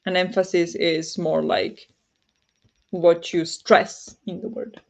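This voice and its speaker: A Flemish woman, a native Dutch speaker, hosts a casual livestream from home at night, laughing often and reading the chat aloud. Her voice is low, slow and creaky, with a flat delivery and a Flemish accent.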